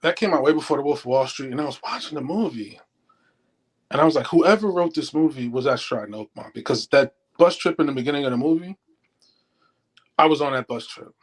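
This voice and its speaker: A man's voice: a little high, fairly quick, poor audio. A middle-aged man, a former stockbroker, telling stories as an interview guest and acting out what people said. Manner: animated storyteller acting out quotes. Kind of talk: casual storytelling.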